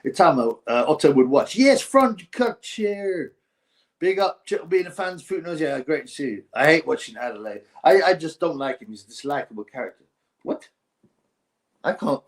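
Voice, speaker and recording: A man's voice: fairly high pitch, lively intonation, normal speed. Rambling, mocking man on a boxing stream. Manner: rambling and mocking, breaks into mimicry and chuckles. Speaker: boxing live-stream host. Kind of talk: casual live-stream chat reading viewer comments.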